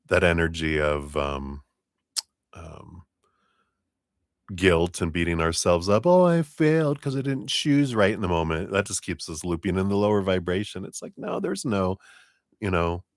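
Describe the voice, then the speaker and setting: A man with a very low voice reads tarot on a live stream, recorded dry and close. He talks in a relaxed, rambling way, full of fillers and spiritual phrases. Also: dry recording. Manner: relaxed, meandering, spiritual talk with many fillers; acts out spirit voices in a raised pitch, laughs often. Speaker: tarot reader.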